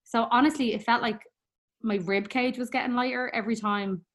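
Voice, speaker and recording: A young woman telling a personal story in a chatty, rambling way, full of fillers and quick laughs. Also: a little high, fairly even intonation. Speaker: guest.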